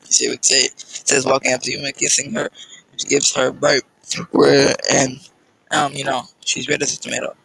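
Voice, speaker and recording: Gravelly man reading a story. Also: mid-range voice, little pitch movement, a bit bright, rough recording. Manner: halting, with fillers and restarts. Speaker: story reader. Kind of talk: casual fan-fiction reading.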